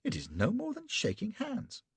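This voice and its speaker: A man voicing a prim young woman who is easily scandalised, speaking in a shrill falsetto. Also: huge pitch swings, normal speed, breathy edge, no room sound, exaggerated voice. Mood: indignant. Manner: shrill falsetto, indignant whispering.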